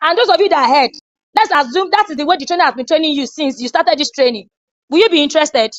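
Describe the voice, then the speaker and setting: A woman with a very high voice runs a classroom training session, animated and demonstrative. The recording is dull and lo-fi, taken in a lecture room. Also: fast talker, dry recording. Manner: animated, acts out scolding.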